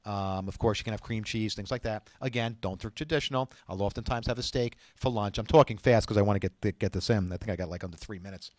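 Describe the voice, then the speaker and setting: A man's voice: fairly low pitch, fast, few pauses, no room sound. A middle-aged man hosting a show, chatting casually and rambling with lots of fillers and restarts as he gives diet advice. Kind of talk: casual talk to camera.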